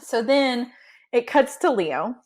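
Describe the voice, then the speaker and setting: A woman's voice: a little high, expressive, slow pace, a little mellow. A woman co-hosting a podcast, recapping a book in casual chat with indignant asides. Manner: chatty, indignant asides, retells scenes with quoted lines. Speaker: podcast co-host.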